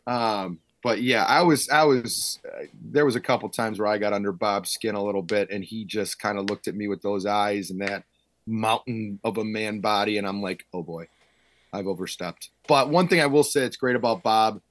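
A man in his thirties, a high school football coach, telling stories in a casual podcast chat and acting out what people said, with frequent laughs. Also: normal speed, no echo. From Illinois, Chicago suburbs. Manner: storytelling, acts out quotes loudly, laughs often.

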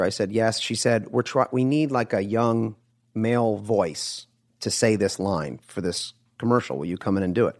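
A man who is an actor, a podcast guest telling anecdotes in a casual, animated way and acting out the lines of people in his stories. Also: lowish voice, normal speed. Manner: animated storyteller, acts out quoted lines. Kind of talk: casual interview chat.

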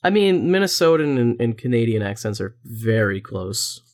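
A man's voice: medium pitch, very animated, moderate pace. Easygoing male podcast co-host. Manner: easygoing, hesitant, dry quips. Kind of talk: casual chat.

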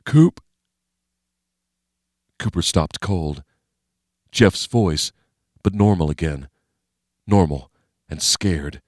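A male narrator with a very deep voice, reading in a steady, measured way. He sits close to the mic in a dry, dead room. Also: no echo. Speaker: audiobook narrator. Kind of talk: scripted narration.

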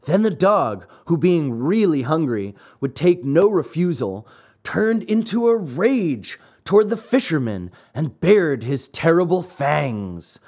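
A man hosting and narrating an audiobook of a classic fairy tale, reading in an expressive way. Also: on the high side, takes it slowly. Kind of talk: storybook narration.

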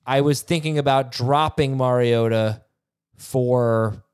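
A man hosting a fantasy football podcast, chatting casually with halting restarts and reading listener emails aloud. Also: medium pitch, smooth. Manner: halting, many restarts, reads questions aloud. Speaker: podcast host.

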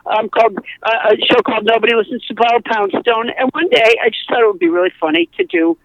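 A woman's voice: fairly high pitch, fast talker, gravelly, dry recording, muffled recording. A woman comedian chatting as a podcast guest, telling rambling anecdotes with many restarts. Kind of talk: casual podcast chat.

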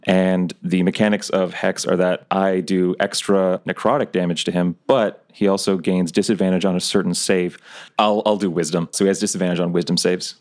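A man playing a tabletop role-playing game, chatting quickly and slipping into his character's lines. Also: low-pitched, little pitch movement. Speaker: player.

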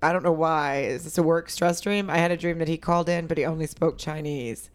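A woman's voice: deep voice, fairly even intonation, a little fast. A woman co-hosting a comedy podcast, chatting casually and telling stories full of "like" and fillers. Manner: chatty storytelling with many fillers. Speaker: podcast co-host.

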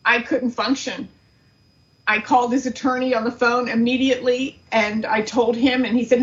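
A middle-aged woman, a guest on a talk show, telling a painful story in an earnest, halting way. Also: fairly high pitch, level tone, lo-fi sound. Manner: earnest, grief-stricken, halting. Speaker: guest, aunt of the subject. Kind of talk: emotional interview storytelling.

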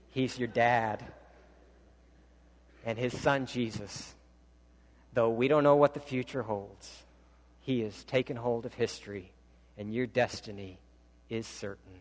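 A man's voice: fairly bright tone, long reverb tail. A man preaching a sermon, telling stories dramatically and praying with the congregation. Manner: dramatic storytelling, voice climbing high for a children's book reading. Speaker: pastor. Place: church sanctuary.

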